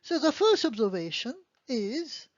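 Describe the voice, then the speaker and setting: A woman's voice: on the high side, sing-song, unhurried, no echo. A woman teaching beginner French grammar, explaining patiently and answering her own questions. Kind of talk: online language lesson. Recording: dull lo-fi dry sound.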